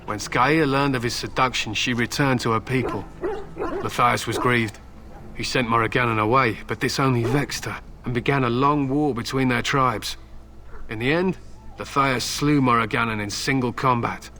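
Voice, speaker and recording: A man's voice: medium pitch, normal speed, sharp tone, slight background noise. An actor voicing a stern, proud male warrior and hound handler in video game dialogue, telling old tales solemnly and threatening bluntly.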